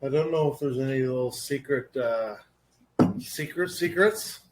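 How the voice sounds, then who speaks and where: A man's voice: medium pitch, a little slow, very noisy. A man co-hosting a podcast, talking in blunt, opinionated rants with casual swearing. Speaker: podcast co-host.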